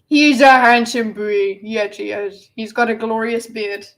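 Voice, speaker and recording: A woman chats her way through a casual livestream. Her voice sits a little high. She rambles, giggles and pokes fun at herself as she fiddles with her setup. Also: steady tone, moderate pace, fairly bright tone, low-quality recording. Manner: rambling, giggly, self-deprecating. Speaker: livestream host.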